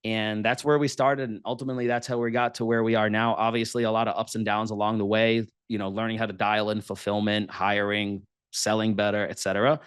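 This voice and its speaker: A man telling his business story as an interview guest, animated and quoting others as he goes. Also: lowish voice, brisk, hardly any pauses, smooth, no echo, studio quality. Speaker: guest, podcast booking entrepreneur.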